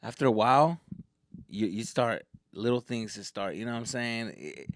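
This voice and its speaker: Animated, profane man podcasting. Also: medium pitch, moderate pace, no room sound, studio quality. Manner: profane, animated, slips into Spanish. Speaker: podcast host. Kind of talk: casual solo podcast rant. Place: indoors at home.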